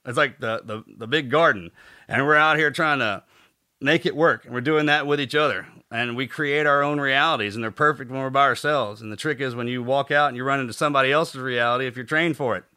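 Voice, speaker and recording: Male host, fast and bright, rambling reflective talker who laughs often. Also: mid-range voice, clean tone. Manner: rambling, laughs between thoughts. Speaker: podcast host. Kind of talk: casual reflective chat.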